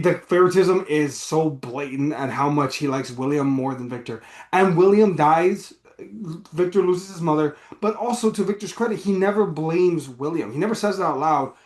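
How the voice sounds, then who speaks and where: Animated, swearing podcast co-host, roomy sound. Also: male voice, on the high side. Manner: animated, profane, rambling. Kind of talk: casual movie review chat.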